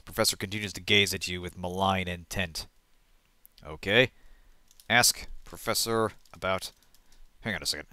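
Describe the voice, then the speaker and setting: A man hosting a let's play, reading game text aloud and thinking out loud, often trailing off and correcting himself. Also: sits low, steady tone, normal speed, pauses often, smooth, dry recording.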